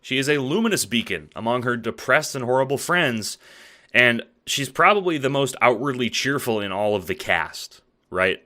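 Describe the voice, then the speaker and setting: A man's voice: mid-range voice, lively intonation, moderate pace, sharp tone. A man talking through a spoken essay late at night, tired and yawning, conversational and profane with lots of fillers and "right?". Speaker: video essayist.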